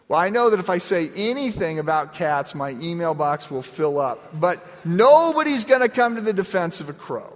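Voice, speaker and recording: A middle-aged man preaching a sermon, telling stories with lively, animated swings in his voice. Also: on the high side. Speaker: pastor. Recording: long reverb of a large hall.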